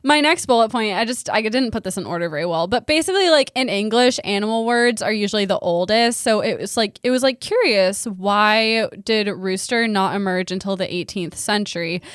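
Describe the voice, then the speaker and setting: A woman's voice: mid-range voice, brisk, hardly any pauses, clean tone, no room sound, clean studio sound. A woman co-hosting a comedy podcast, explaining a topic in a chatty, casual way full of filler words. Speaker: podcast co-host presenting a topic.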